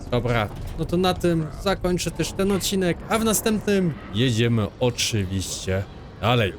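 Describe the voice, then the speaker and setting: A man giving casual let's-play commentary as a gaming streamer, with relaxed, offhand remarks. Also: a little high, normal speed, background noise.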